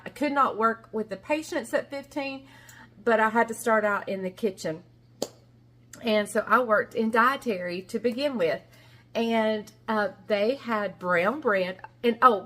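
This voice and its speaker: A woman's voice: medium pitch, fairly bright tone. A middle-aged woman with a Southern American accent, telling a rambling, folksy story in a casual kitchen vlog. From Southern United States. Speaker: vlogger. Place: home kitchen.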